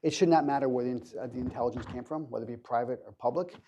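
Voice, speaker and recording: A man, a government counterintelligence official, answering questions on a conference panel in a measured way with frequent fillers and restarts. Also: mid-range voice, mellow, lo-fi sound, slight background noise. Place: conference hall.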